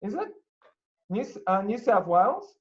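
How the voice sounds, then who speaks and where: A man hosts a casual chat, reading listener letters aloud and tossing in playful asides. His voice sits a little high. The sound is muffled and lo-fi, like a home setup. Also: sing-song, moderate pace.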